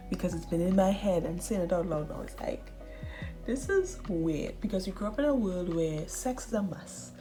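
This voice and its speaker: A thirty-year-old woman speaking unhurriedly in a relaxed, confessional voice-over. She laughs often and slips into soft, half-whispered asides. Faint music plays quietly behind her. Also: on the low side, unhurried. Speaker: art channel host.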